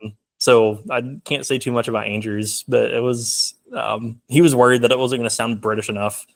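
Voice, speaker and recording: A man's voice: mid-range voice, fairly even intonation, normal speed, creaky. A young man talking casually as a film guest in an interview, rambling with many fillers. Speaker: filmmaker guest.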